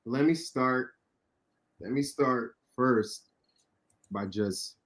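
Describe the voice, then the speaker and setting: An American man co-hosting a sports podcast, earnest and halting, clearing his throat as he speaks. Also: mid-range voice. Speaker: podcast co-host. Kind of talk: casual podcast talk and spoken prayer.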